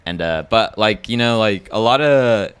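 A man's voice: lowish voice, animated, normal speed, a bit bright, smooth. A young man telling a story in casual, slangy chat, swearing and filling with "like". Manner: slangy, swearing, lots of fillers. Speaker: podcast co-host telling a story.

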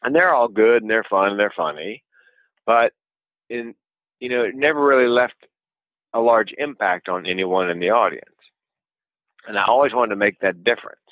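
A man's voice: on the low side, moderate pace, pauses often, dry recording. A male comedian and public speaker, a guest telling stories animatedly in an interview. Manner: animated storyteller who acts out dialogue. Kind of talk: storytelling interview. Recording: tinny phone-like line, dry.

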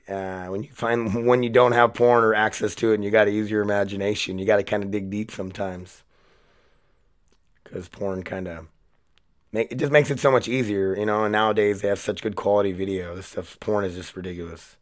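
A man's voice: fairly low pitch, smooth, no room sound, clean studio sound. A man hosting a solo podcast in a casual, rambling, profane and jokey way. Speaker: podcast host.

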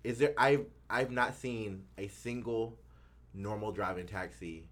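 A man co-hosting a casual chat, playful and teasing, with a husky voice. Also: on the low side, measured pace. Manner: playful and teasing, with lively swings. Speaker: podcast co-host.

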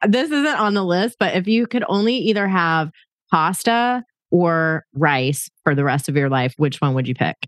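A woman's voice: fairly low pitch, animated, normal speed, dry recording, studio quality. A woman in her forties hosting a podcast, chatting playfully with her sister and laughing often. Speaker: podcast host. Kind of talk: casual chat between sisters.

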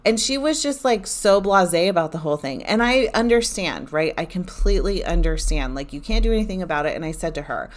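A woman's voice: fairly low pitch, expressive, a little fast, few pauses. A woman vlogger telling a casual story in a chatty, candid way that often turns exasperated. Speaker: vlogger recounting a theme park trip.

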